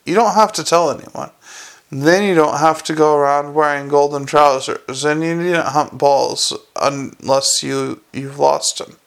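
A man's voice: fairly high pitch, fairly even intonation, a little slow, smooth. A man voicing a homely middle-aged sergeant who fusses and reassures. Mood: fussing. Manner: fussing, reassuring.

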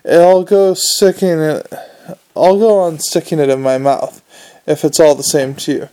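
A man voicing a scruffy, nervous lowlife city watchman who talks in common slang and gets flustered. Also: steady tone, unhurried, mellow, clean tone, natural voice. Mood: boozy, pleased.

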